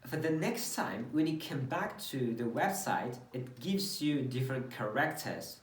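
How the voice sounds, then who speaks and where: A man's voice: mid-range voice, lively intonation, measured pace, slight background noise. A man who teaches English, explaining a website in a hesitant way with many fillers. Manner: hesitant, many ums and uhs. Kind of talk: screen-share tutorial.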